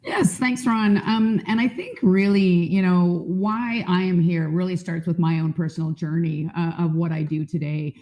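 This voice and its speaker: A woman's voice: fairly low pitch, normal speed, few pauses, darkish tone. A woman from Canada, a panel guest, telling her own story in an earnest, reflective way with some filler ums. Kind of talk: personal storytelling. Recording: dull lo-fi sound.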